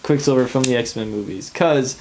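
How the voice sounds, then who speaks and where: A man co-hosting a relaxed podcast, retelling scenes with animated energy and jumping into characters' lines. His voice sits at an ordinary middle pitch, and a faint hiss runs under the recording. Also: normal speed, low-quality recording. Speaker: podcast co-host. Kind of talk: casual chat.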